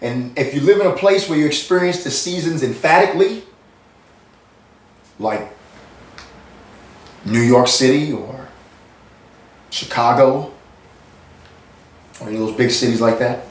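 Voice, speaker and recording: A man's voice: mid-range voice, unhurried, long pauses. A man from the United States giving a meandering, repetitive spiritual monologue, restarting and circling back as he explains his ideas earnestly. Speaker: spiritual channel host. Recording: roomy sound, mic at a distance.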